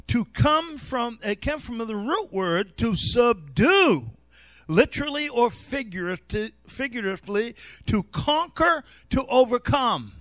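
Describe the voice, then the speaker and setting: A male pastor preaching an animated sermon that rises to shouts. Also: very high voice, no room sound.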